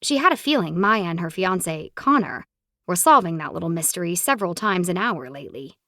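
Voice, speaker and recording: Brief: woman audiobook narrator, animated and expressive, slightly low voice, dry booth sound. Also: a little fast, dry recording. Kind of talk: scripted romance narration.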